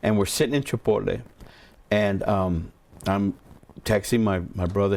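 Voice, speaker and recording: Low-voiced pastor telling a story. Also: male voice, brisk, darkish tone, slight background noise. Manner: rambling, repeats words, acts out quoted voices. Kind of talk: personal storytelling in an interview.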